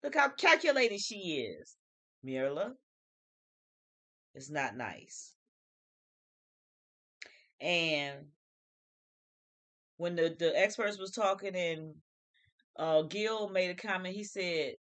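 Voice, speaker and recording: A woman's voice: lowish voice, lively intonation, slow pace, pauses often, a bit bright. A woman hosting a casual reality TV commentary vlog, emphatic and repetitive, speaking with slang. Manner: emphatic, repeats phrases, uses slang. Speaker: show host reviewing reality TV.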